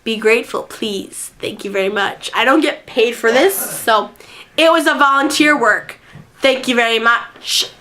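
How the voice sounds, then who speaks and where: A woman vlogger telling a storytime tale in excitable, giggly chatter. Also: fairly high pitch, measured pace. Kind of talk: storytime vlog.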